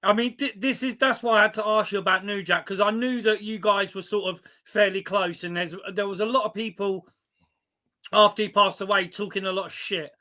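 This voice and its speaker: A male podcast host with a high, bright voice chats casually with his guest. He sounds agreeable and easygoing and swears freely as he asks his questions. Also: fairly even intonation, a little fast. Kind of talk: casual interview chat.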